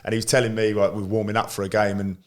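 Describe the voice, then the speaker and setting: A middle-aged man, a former footballer co-hosting a podcast, telling relaxed anecdotes in casual chat. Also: on the low side, racing. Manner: relaxed anecdotes, tags questions like "didn't we?".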